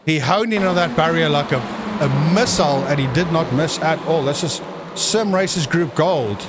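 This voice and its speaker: Excitable high-voiced race commentator. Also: male voice, normal speed, heavy background noise. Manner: excitable, jokey, bursts into shouts at crashes. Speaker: sim racing commentator. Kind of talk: live stream race commentary.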